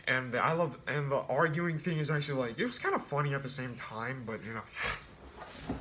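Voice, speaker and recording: A man's voice: mid-range voice, expressive, normal speed, pushed and bright, a little hiss or hum. A man casually reviewing a film, rambling with many restarts and fillers. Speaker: movie reviewer.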